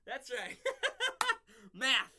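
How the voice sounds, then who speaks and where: A man's voice: very high voice, huge pitch swings, very slow, sharp tone, a little hiss or hum. A man casually recapping and reviewing a show episode, rambling with lots of fillers and restarts and laughing at his own slips.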